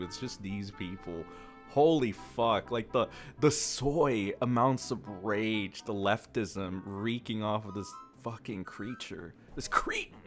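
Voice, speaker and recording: A man doing profane, mocking reaction commentary who swears a lot and keeps breaking into laughter. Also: lowish voice. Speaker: YouTube commentator.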